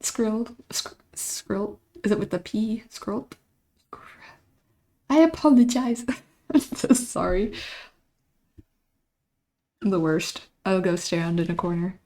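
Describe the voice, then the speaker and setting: Brief: woman art streamer, sore throat, giggly chat with viewers, mid-pitched, slips into whispers. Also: slow pace, pauses often, mellow. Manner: chatty, giggly, greets and thanks chat. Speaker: livestreaming artist.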